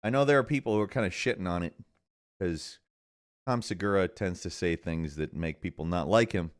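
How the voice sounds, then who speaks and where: A man's voice: low-pitched, brisk. A man hosting a live stream, chatting casually in a rambling way with lots of restarts. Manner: rambling, hesitant, many restarts. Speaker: streamer host.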